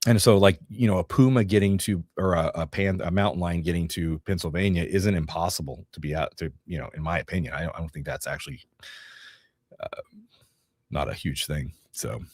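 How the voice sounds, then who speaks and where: Low-voiced man chatting casually on a stream. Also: fairly quick, darkish tone, no room sound, studio quality. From Northeast Georgia, US. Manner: rambling, joking, reads viewer comments. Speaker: livestream co-host. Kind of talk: casual chat reading notes.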